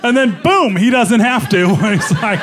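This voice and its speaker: High-voiced man telling stand-up stories. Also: unhurried, a little hiss or hum. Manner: storytelling, chuckling, animated. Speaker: stand-up comedian. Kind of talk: stand-up comedy set. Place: comedy club stage. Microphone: stage microphone.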